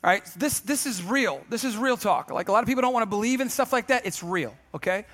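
Male pastor, high ringing voice, animated sermon with jokes and call-outs. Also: quick pace. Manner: lively preaching with humor and asides to the congregation.

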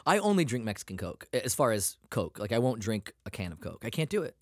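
In a dry, clean studio recording, a man with a lowish voice talks fast while co-hosting a podcast. He's an animated, foul-mouthed storyteller, keeping the chat casual and packed with swearing.

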